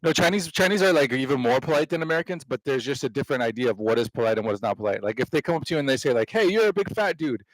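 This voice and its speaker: A man's voice: medium pitch, rapid-fire, hardly any pauses, no echo, poor audio. Guy bantering back and forth, dead dry sound, no room at all. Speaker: conversation partner. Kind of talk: casual chat.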